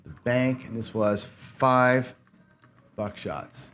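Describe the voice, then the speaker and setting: A man's voice: mid-range voice, fairly even intonation, slow pace, a bit bright. A man hosting a gambling channel, giving casual play-by-play commentary in a rambling, profane way, as if talking to himself. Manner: rambling, profane, talks to himself while playing.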